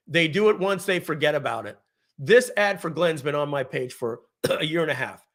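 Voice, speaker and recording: A man hosting a live software webinar, giving an energetic, salesy screen-share demo and clearing his throat often. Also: on the high side, normal speed. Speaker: webinar host, software founder.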